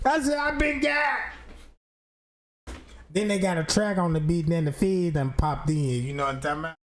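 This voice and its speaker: A man's voice: a little high, fast talker. A man telling a profane comic story in heavy street slang, acting out other voices as he goes. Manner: slangy, animated, acts out voices.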